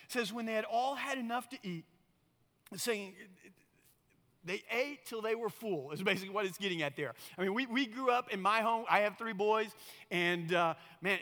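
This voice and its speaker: A man's voice: high-pitched, in a large hall. A middle-aged man preaching a sermon as pastor, telling stories with folksy asides. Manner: animated storytelling, folksy asides.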